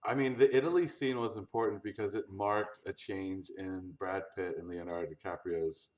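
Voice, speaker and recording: A man co-hosting a casual podcast, retelling movie scenes in a relaxed way. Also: low-pitched, moderate pace. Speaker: podcast co-host. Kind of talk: casual chat.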